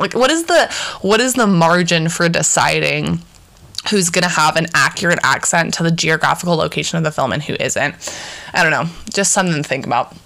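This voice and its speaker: A woman's voice: deep voice, expressive, brisk, gravelly, fairly bright tone. A young woman hosting a podcast alone, chatting casually in a rambling, profane way with many fillers and restarts. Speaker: podcast co-host. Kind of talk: casual solo podcast chat.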